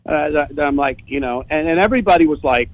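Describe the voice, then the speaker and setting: Speaking fast with a voice on the high side, a man tells a story as a podcast guest over a rough recording. He's casual and profane, often stumbling and repeating words as he begins a sentence.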